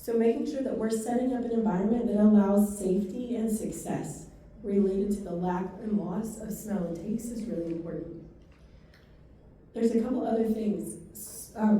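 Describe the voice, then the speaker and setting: A woman giving a dementia care training talk to a live audience, telling stories and quick asides in a fast, animated way. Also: mid-range voice. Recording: echoey room from far off.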